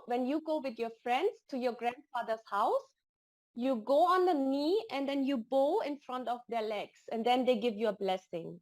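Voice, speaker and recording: A woman's voice: a little high, darkish tone. A woman guest on a podcast, chatting casually and telling stories with emotion and enthusiasm. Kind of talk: casual interview chat.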